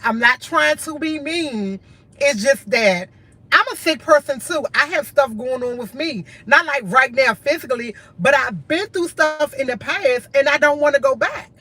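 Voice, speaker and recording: A woman with a high, pushed, bright voice speaks candidly to her livestream viewers. She's an adult in college with a school-age son, and she sounds tired and earnest, circling back through short, repeated phrases.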